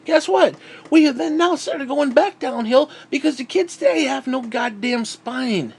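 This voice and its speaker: A man's voice: extremely high pitch, normal speed, a little mellow. A man vlogging in a heated, sarcastic rant, swearing constantly. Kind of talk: profane ranting monologue.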